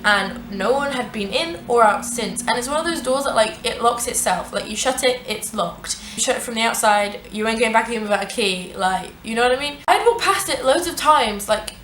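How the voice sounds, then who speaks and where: A young woman telling a storytime vlog, animated and sweary, with many "like" fillers. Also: on the high side, a little fast, few pauses, a little hiss or hum. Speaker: vlogger. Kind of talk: casual storytime narration. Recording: echoey room.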